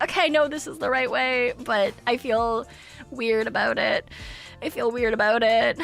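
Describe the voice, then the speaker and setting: A woman's voice: fairly high pitch, fairly bright tone. A woman streamer chatting casually and rambling, laughing often and swearing now and then. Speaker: VTuber streamer. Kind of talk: casual livestream chat.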